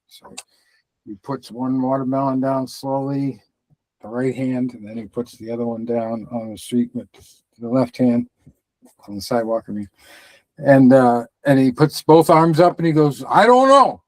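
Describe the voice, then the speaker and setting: A man talks through fight news as a podcast co-host in a loose, rambling way, full of "you know" and "um." His voice sits at an ordinary middle pitch. The recording is close and dry. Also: fairly even intonation, normal speed, darkish tone, dry recording, poor audio. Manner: rambling, chatty, frequent fillers. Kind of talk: casual fight-sports chat.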